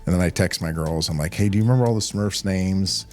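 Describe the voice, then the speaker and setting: A middle-aged man, a head football coach, chatting casually on a podcast and telling stories in a lively, expressive way. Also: low voice, fast, soft background music.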